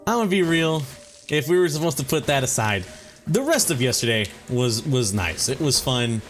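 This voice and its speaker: A man's voice: mid-range voice, fairly bright tone. A young man ranting casually to his viewers as a vlogger, exasperated and emphatic, swearing often and using slang.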